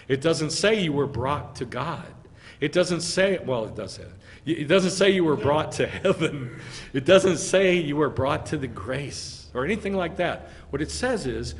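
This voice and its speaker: A male rabbi preaching a sermon with emphatic delivery and rhetorical questions to his congregation. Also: a little high.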